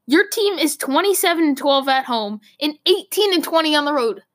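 High-voiced Boston woman ranting about sports. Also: expressive, moderate pace. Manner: rambling, emphatic, lots of "like" fillers. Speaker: sports talk host. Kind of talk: opinionated sports commentary monologue.

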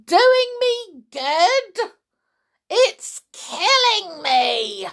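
A woman voicing a cranky old grandmother who yells shrilly in a storybook reading. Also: sing-song, very slow, full character voice. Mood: outraged shrieking. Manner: shrill yelling.

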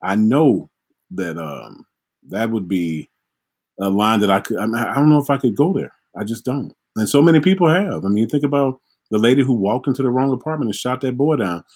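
Husky, lively-voiced man co-hosting. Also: mid-range voice, a little fast. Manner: heartfelt, hesitant. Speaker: talk show co-host. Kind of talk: casual talk show conversation.

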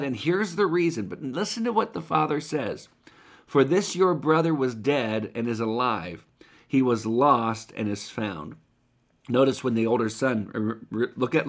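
A man preaching a sermon as a pastor, speaking earnestly and directly to his listeners, with occasional restarts. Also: mid-range voice.

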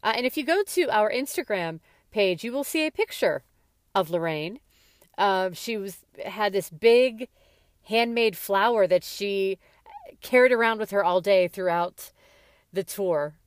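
Slow-speaking woman podcast host, dry sound. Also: medium pitch, animated, no room sound. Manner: slow, reflective and sincere. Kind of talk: podcast narration.

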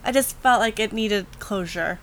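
A woman's voice: medium pitch, normal speed. A woman co-hosting a podcast in casual chat, talkative and teasing. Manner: chatty, teasing. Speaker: podcast co-host.

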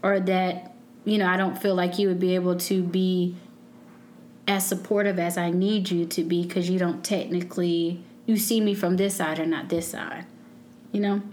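A woman's voice: lowish voice, flat delivery, normal speed, darkish tone, a little hiss or hum. A woman co-hosting a casual group podcast chat, talking earnestly and rambling with lots of "like" and "you know". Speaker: podcast co-host.

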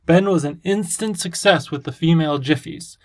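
A man narrating a children's storybook in a calm, even manner. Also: a little high, moderate pace. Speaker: audiobook narrator. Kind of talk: scripted narration.

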